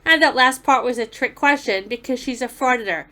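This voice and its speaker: A woman's voice: fairly high pitch, fairly quick, sharp tone. A woman giving sarcastic, scolding voice-over commentary on a video.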